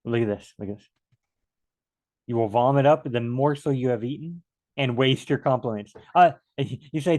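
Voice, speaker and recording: A man's voice: mid-range voice, moderate pace, darkish tone. A man teaching a casual bible study from home, rambling and acting out little back-and-forth dialogues.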